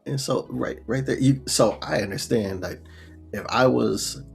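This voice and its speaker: A man's voice: mid-range voice, measured pace, creaky, slightly rough, faint music behind. A man retelling a sitcom episode in a laid-back, rambling way, full of fillers and little acted quotes. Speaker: show reviewer. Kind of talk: casual episode recap.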